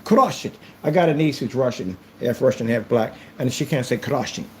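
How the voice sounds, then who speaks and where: A man's voice: mid-range voice, fairly quick, a little mellow, slight background noise. A man ranting to camera about his projector screen, boastful and taunting his critics. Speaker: channel creator reviewing projector screens.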